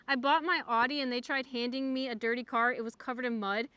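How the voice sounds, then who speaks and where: A young woman livestreamer telling a story in casual chat, animated and full of fillers. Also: fairly high pitch, fast, clean tone, no echo. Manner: chatty, animated, frequent "like" fillers.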